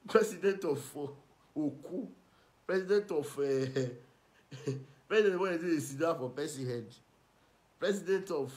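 Male online commentator, Nigerian Pidgin accent, scornful ranting delivery, fairly high pitch. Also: a little slow, pauses often. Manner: mocking, scolding, swings loud and soft.

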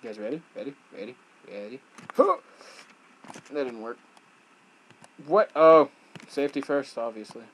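A man doing gameplay commentary as a gaming YouTuber, swinging between yelling at the game and muttering to himself. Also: mid-range voice, big pitch swings, a little slow, long pauses, rough recording.

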